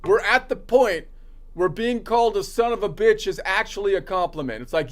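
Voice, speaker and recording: A man's voice: sits high, moderate pace. A man practicing stand-up jokes in a sarcastic, ranting delivery, slipping into mocking voices for the people he quotes.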